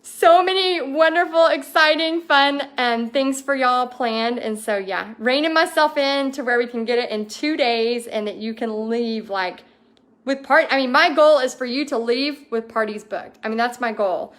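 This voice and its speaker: A woman's voice: on the high side, normal speed, fairly bright tone. A woman hosting a casual livestream, chatting through viewer comments with bubbly enthusiasm and frequent ums. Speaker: host of a paint party business livestream.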